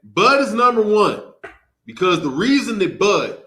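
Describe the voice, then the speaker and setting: A man's voice: high-pitched, big pitch swings, unhurried, pushed and bright. A man hosting a casual boxing talk show, loose and joking as he ranks fighters. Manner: joking, teasing, loose banter.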